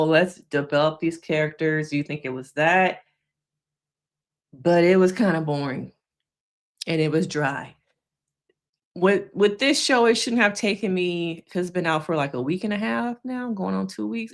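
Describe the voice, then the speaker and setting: A woman, a therapist giving opinionated, chatty live commentary on a TV series and often checking in with "okay?". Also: lowish voice. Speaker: therapist reviewing TV shows.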